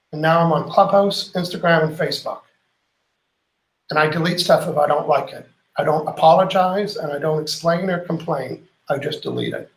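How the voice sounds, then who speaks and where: Gravelly, animated man in an echoey room. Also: on the high side. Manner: animated storyteller, acts out quoted lines. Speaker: host. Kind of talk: live-stream chat reading viewer comments.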